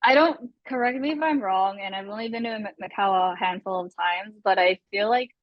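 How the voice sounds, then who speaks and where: A woman co-hosting a casual podcast chat, candid and animated, often acting out quotes. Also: mid-range voice, fairly quick, dry recording, muffled recording. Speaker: podcast co-host. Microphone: close studio podcast mic.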